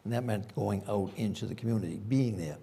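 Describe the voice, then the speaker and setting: Older boston guy, ex police chief, super gravelly, dark low voice. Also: fairly quick. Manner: rambling anecdotal, frequent fillers. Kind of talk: conference panel storytelling.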